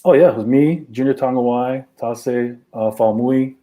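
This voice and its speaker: Mellow-voiced man from Hawaii. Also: mid-range voice, normal speed. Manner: relaxed, many fillers, acts out phone calls. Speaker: guest, former football player. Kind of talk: casual interview chat.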